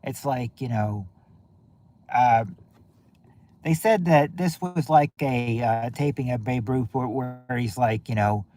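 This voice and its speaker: A man's voice: medium pitch, slow, mellow. Rambling man chatting with viewers. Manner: rambling, many restarts and fillers. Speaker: streamer hosting a game night. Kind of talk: casual chat with viewers.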